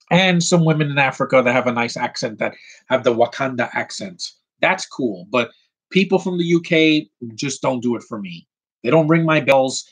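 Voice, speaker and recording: Husky-voiced man ranting through his collection. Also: mid-range voice. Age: 30s. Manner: opinionated, frequent mild swearing, rambling asides. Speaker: collector showing his items. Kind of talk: casual ranting vlog.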